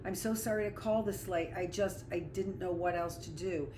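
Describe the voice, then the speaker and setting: A woman's voice: on the low side, normal speed, noisy background, lightly acted. A woman reading aloud as a young woman who speaks in a hesitant, apologetic way.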